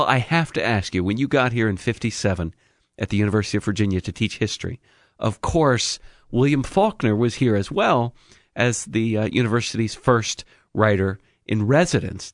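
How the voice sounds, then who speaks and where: A man hosting a radio talk show, announcing guests and breaks in a smooth scripted way. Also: mid-range voice, animated, brisk, no echo, clean studio sound. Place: radio studio.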